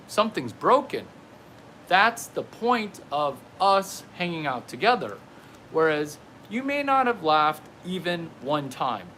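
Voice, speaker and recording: Man, comedy vlogger, slow deliberate pacing, playful tangents, lively swooping pitch. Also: a little hiss or hum. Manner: playful, riffing, absurd tangents. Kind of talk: rambling comedic monologue to camera.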